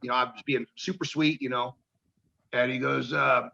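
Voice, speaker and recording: Gravelly, bright-voiced man telling wrestling stories. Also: mid-range voice, normal speed, muffled recording. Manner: animated storyteller who acts out quotes and swears casually. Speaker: guest, professional wrestler. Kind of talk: casual interview storytelling.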